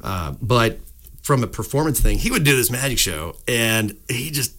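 A middle-aged man talking into a studio mic as a radio guest. He tells stories with animated swings in pitch and loudness and slips into playful voices for the people in them. His talk is loose and rambling, full of fillers. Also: moderate pace. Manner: animated storyteller, acts out voices in anecdotes. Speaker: musician guest. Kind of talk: casual radio interview. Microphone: studio microphone.

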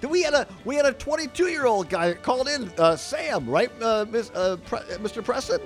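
A man's voice: very high-pitched, big pitch swings, normal speed, faint music behind. A middle-aged man from Wisconsin hosting a radio show, chatting casually, laughing often and rambling with restarts.

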